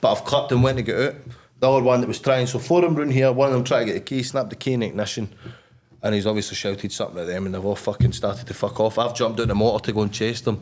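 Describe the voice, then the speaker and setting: A young Scottish man, a podcast guest, telling a wild story in a blunt, sweary, animated way. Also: on the low side, quick pace. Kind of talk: casual storytelling.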